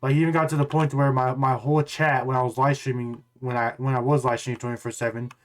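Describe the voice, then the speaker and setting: A man tells a long story straight to camera in a loose, rambling way. He keeps doubling back on his words and curses offhandedly. His voice sits at an ordinary middle pitch. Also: little pitch movement, quick pace. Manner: rambling, repeats words and restarts; blunt, swears casually. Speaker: gaming YouTuber.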